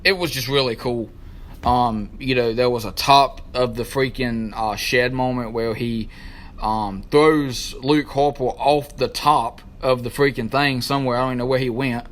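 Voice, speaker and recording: A man co-hosting a wrestling talk show recaps matches in an excited, rambling, casual way, pausing to search for names. His voice is mid-range and his speed is normal.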